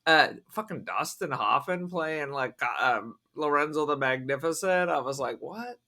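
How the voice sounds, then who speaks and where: Bright slightly high guy cohosting a podcast, blunt, swears a lot, laughs easy. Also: lively intonation, normal speed. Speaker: podcast co-host. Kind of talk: casual chat.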